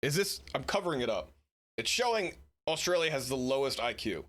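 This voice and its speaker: A man's voice: mid-range voice, very animated, fairly quick, fairly bright tone. A man streaming while sick, giving casual and sarcastic commentary as he reacts to a video. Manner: sarcastic, blunt, chatty.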